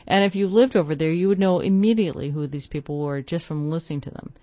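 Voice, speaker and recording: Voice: medium pitch, quick pace, no echo. American radio host who talks in long asides and thinks aloud on air. Mid-range voice, close dry mic, muffled lo-fi sound. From United States. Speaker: radio host and record presenter.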